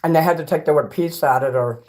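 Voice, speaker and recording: Talking at a quick pace in a somewhat high, slightly mellow voice, this Chicago man rambles through a livestream. He reads out viewers' messages, munches snacks as he talks, and stays blunt, dropping the occasional curse.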